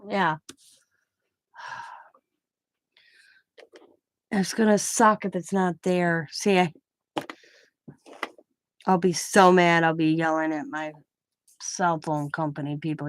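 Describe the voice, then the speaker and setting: A woman's voice: fairly low pitch, steady tone, unhurried, long pauses, no room sound, low-quality recording. A middle-aged woman hosting a crafting live stream, chatting in a rambling, emotional way and trailing off mid-sentence. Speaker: craft channel host. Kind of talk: casual live-stream chat.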